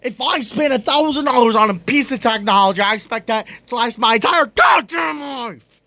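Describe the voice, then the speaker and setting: A man's voice: extremely high pitch, normal speed, sharp tone, no room sound. A young man ranting on video, exasperated and swearing, often breaking into laughter. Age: young adult. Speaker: vlogger. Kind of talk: profane rant video.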